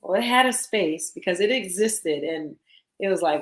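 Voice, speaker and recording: A woman's voice: fairly low pitch, expressive, moderate pace, a bit bright. Chatty woman in a roomy echo. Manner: candid, chatty, laughs often. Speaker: guest poet. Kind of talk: casual podcast conversation.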